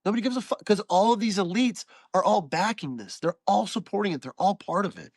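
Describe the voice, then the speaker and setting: A man's voice: sits high, expressive, fast talker, no room sound. A man ranting as a podcast guest over a video call, profane, with a stuffed-up, nasal voice. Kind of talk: casual podcast chat.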